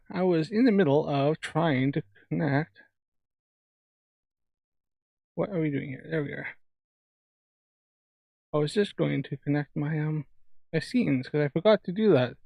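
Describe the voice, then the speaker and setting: A man's voice: on the high side, gravelly, darkish tone, no echo. A man from Alberta, Canada, with a Canadian accent, rambling in casual chat while hosting a livestream. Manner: rambling, chatty. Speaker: livestream host.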